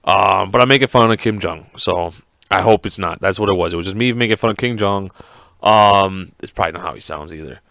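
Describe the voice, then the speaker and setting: A man hosting a podcast alone, ranting in a casual, profane, rambling and excitable way. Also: low-pitched, fairly quick, creaky, no room sound, clean studio sound. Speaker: podcast host.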